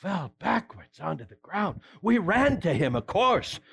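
Man performs a chatty ancient workman recounting a story to kids; higher, slow, folksy. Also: big pitch swings, gravelly, a bit bright, slightly rough, full character voice. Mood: alarmed. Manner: folksy storyteller, rambling with fillers. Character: male ancient stoneworker friend of Joseph, chatty. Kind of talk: dramatic character monologue for children.

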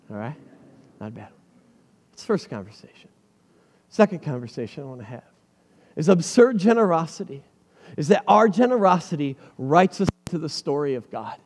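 A man with a very high voice preaches with energy and animation, pressing his congregation with rhetorical questions. His voice rings through a big church hall with a long reverb trailing behind every phrase. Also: a little mellow. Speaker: pastor. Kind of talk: sermon. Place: church stage before a congregation.

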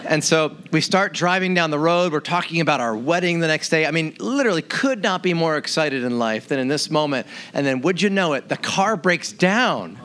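Male pastor, 30s, sermon delivery with animated storytelling, a touch high in pitch. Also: normal speed, few pauses. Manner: animated storyteller, acts out his own quoted lines.

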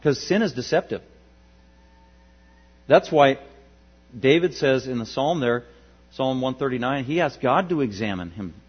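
Husky preaching man, lo-fi hum. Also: mid-range voice, animated, measured pace, pauses often. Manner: emphatic preaching with sudden loud peaks and quiet drops. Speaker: pastor. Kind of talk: sermon. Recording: dull lo-fi with mains hum.

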